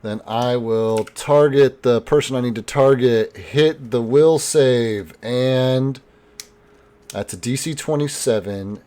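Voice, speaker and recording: Game master, male, mid-pitched, relaxed rules explainer at the table. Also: slow pace.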